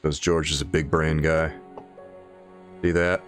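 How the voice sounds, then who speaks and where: A very low-voiced man chats casually through a late-night game stream, tired and a little mushy-headed. He banters and jokes with his viewers, and faint game music sits underneath. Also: flat delivery, a little slow, pauses often. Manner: joking banter with chat, playful mock voices. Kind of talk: casual livestream commentary.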